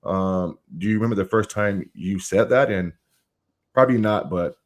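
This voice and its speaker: A man's voice: deep voice, moderate pace. A man hosting a casual interview, asking questions and giving short encouraging replies. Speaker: interview host.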